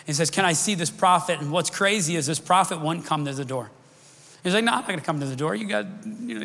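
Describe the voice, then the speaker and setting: A man's voice: high voice, fairly bright tone. A middle-aged man preaching a sermon as pastor, speaking conversationally, wandering off track and restarting his sentences. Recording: long reverb of a large hall.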